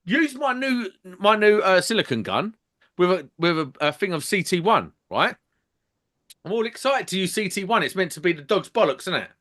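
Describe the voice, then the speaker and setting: A man telling a sweary, animated story as a podcast co-host. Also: high-pitched, normal speed. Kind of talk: casual chat, ranting anecdote.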